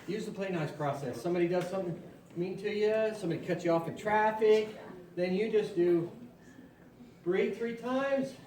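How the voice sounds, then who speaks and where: An upbeat, fairly high-voiced man coaxes a group through laughter yoga and cheers them on. He sounds far from the mic in an echoey room, with faint ambient noise behind him. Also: darkish tone. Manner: upbeat, coaxing, calls out cheers. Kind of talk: leading a group laughter exercise.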